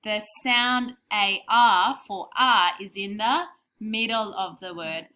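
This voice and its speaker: A woman co-teaching a recorded spelling lesson for young children, clearly explaining and sounding out words. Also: medium pitch, slow, bright, forceful tone. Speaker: primary school teacher.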